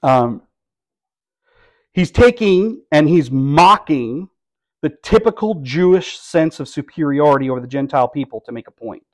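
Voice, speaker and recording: A middle-aged man preaching a sermon as pastor, conversational and wry, with bursts of animated emphasis. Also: a little high, moderate pace.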